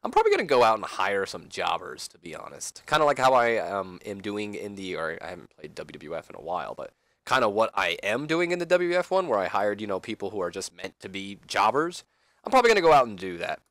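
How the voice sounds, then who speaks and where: A man's voice: fairly low pitch, sing-song, quick pace, a bit bright, no echo. Rambling young man commenting on a game. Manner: rambling, with fillers and asides. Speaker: let's play commentator.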